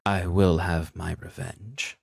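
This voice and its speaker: A man voicing a cruel female banshee-like spirit who taunts slowly and mockingly. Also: rumbling low, very animated, slightly rough, heavily acted. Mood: menacing. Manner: slow, mocking, drawn-out taunts.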